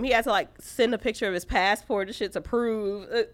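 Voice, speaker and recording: A woman's voice: medium pitch, fairly quick. A woman co-hosting a casual podcast, laughing often and bantering with crude jokes. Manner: laughing, lively, profane banter. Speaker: podcast co-host. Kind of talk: casual chat.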